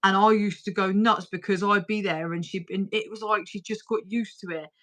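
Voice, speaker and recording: Woman, livestream host, mid-pitched, chatty and blunt, swears freely. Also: fairly even intonation, a little fast, fairly bright tone. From United Kingdom. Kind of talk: casual chat.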